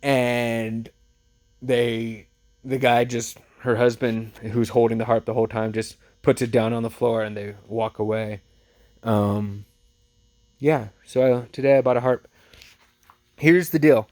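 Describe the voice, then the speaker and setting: A man who resells thrift finds, telling a story casually and with lively energy. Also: mid-range voice, slow pace. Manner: chatty, animated retelling with laughs.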